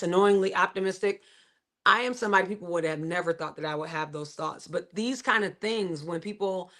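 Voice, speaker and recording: A woman's voice: fairly low pitch, fairly bright tone. A middle-aged woman, hosting a livestream and giving a motivational faith talk with emphatic, repetitive phrasing. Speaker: livestream host.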